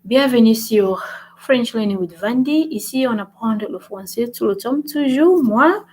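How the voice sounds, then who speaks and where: A woman's voice: on the high side, lively intonation, normal speed, a little mellow, poor audio. Bilingual woman teaching casually. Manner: switches between French and English, repeats herself, keeps asking "right?". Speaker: language-learning channel host. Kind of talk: casual language lesson vlog.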